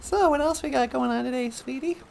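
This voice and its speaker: A woman's voice: high voice, a little fast, vocal fry, darkish tone, a little hiss or hum. A woman hosting a comedic talk show, easygoing and playful, taking her time. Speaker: host.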